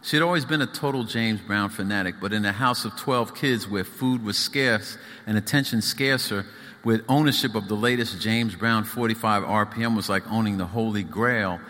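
A man's voice: on the low side, normal speed, pushed and bright. A man reading his own book aloud at a live event, with rhythmic, emphatic storytelling. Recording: echoey hall.

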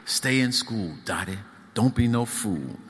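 Gruff Southern soul-star bit read by a man: drawling, playful, slightly raised and bright, in a reverberant hall. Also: lowish voice, animated, a little slow, slight background noise. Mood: teasing advice. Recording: echoey hall.

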